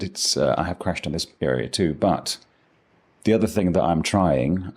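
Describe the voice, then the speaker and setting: A man's voice: low-pitched, slightly rough. A man casually thinking aloud as he comments on his own game play, rambling and correcting himself. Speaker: gaming channel host.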